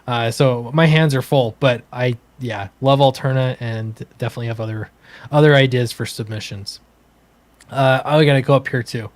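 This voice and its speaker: A man who makes comics, co-hosting a casual livestream, easygoing and halting, with many fillers. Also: medium pitch, steady tone, dry recording. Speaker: comics creator and co-host.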